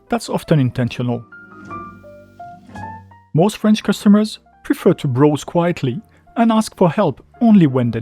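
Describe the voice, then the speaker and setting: A man's voice sits high as he hosts a travel video, reading scripted narration in a lively, explanatory manner while faint music plays underneath.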